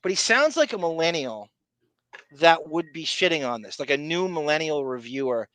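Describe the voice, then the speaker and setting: A male podcast host talking in a rambling, profane, excitable way. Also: fairly high pitch, moderate pace, no room sound. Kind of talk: casual podcast chat.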